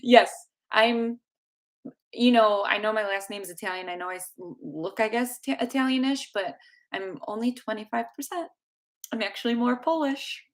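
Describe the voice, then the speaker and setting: A woman's voice: fairly high pitch, normal speed. Woman, bubbly and chatty, live Q&A stream, loose conversational delivery. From United States. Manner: chatty and bubbly, with frequent laughs and fillers. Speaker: dental YouTuber answering viewer questions. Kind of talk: live Q&A chat.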